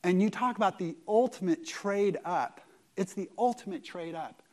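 High-voiced guy preaching a sermon, lots of rhetorical questions, goes loud then quiet. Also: normal speed. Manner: animated preaching, rhetorical questions, sudden swings in loudness. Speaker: pastor.

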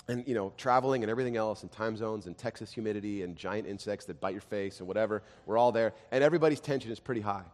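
A man in his thirties preaching a sermon, telling family stories, dropping to quiet and rising to loud. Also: fairly low pitch, fast talker. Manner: animated storytelling, swings from quiet to loud. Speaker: pastor. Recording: long hall reverb.

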